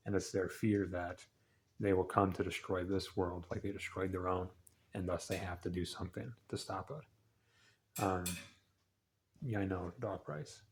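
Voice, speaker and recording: Low-voiced guy rambling softly about a book, laid-back. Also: steady tone, measured pace, pauses often, slight background noise. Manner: soft-spoken, rambling, casual. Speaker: book reviewer. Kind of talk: relaxed literary analysis.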